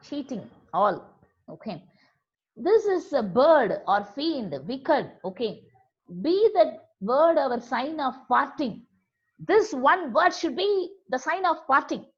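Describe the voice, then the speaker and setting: Female literature teacher with a Tamil-influenced Indian English accent, high voice, repeats and spells out key words, muffled online audio. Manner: explains slowly, repeats key words, switches into Tamil to gloss. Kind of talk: online poetry lesson.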